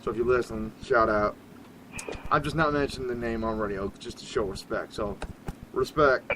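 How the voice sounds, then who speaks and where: A man hosting an internet radio show in casual talk, rambling and animated, laughing often and swinging between loud bursts and hushed asides. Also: medium pitch, normal speed, heavy background noise.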